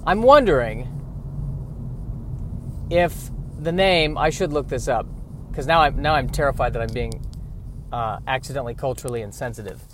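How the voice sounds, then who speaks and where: A man riffing comedically as a podcast host, animated and self-interrupting. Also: mid-range voice, moderate pace, pauses often, background noise.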